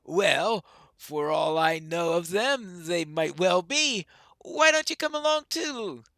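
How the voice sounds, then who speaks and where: A man voicing a hearty, proud male dwarf warrior who talks in a booming, excitable way. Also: slow pace, no room sound, exaggerated voice. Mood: gruff.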